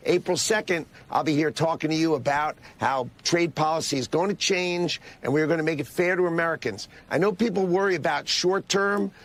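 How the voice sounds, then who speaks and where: A man's voice: fairly high pitch, fairly quick, hardly any pauses, a bit bright. A man on a played TV clip, defending trade policy with insistent, repeated talking points. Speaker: political commentator in a clip. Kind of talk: TV political interview.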